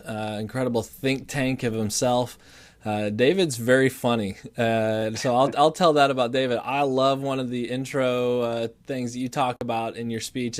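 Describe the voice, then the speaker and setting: A man hosting an interview, asking questions and praising his guest with enthusiasm. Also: mid-range voice. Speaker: interview host.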